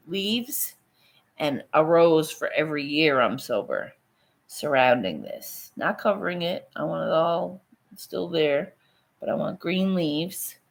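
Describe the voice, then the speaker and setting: A middle-aged woman chats slowly and loosely into her phone during a livestream. Her voice sits fairly low, and she drifts between thoughts, swearing offhandedly and breaking into laughs. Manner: rambling, swears casually, laughs often. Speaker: livestream host. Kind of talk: casual livestream chat.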